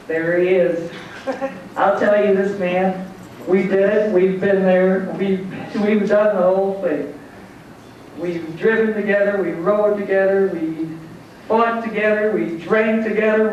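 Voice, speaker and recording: A woman's voice: mid-range voice, darkish tone, a little hiss or hum. A woman giving an award acceptance speech, telling a folksy joke and laughing at her own punchlines. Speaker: award recipient giving thanks. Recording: echoey hall, distant mic, dull sound.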